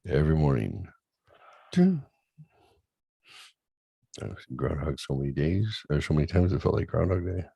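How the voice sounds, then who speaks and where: A middle-aged man hosting a crude, casual chat show, loud and laughing, often putting on high voices to mimic his kids. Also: quick pace, vocal fry, hardly any pauses, husky, no echo. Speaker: podcast host.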